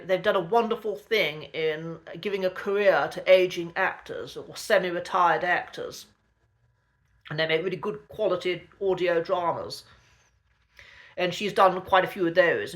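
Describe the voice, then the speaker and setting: A man explains things in a relaxed, conversational way, like an accent coach chatting to viewers. His voice is bright and forward, with a thoughtful, unhurried delivery. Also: high voice. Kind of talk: casual educational talk.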